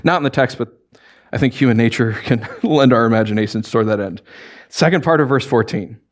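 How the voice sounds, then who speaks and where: A man's voice: medium pitch, fairly quick. A man preaching in a conversational, joking way, now and then acting out little voices of the people he talks about. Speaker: pastor. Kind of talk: sermon.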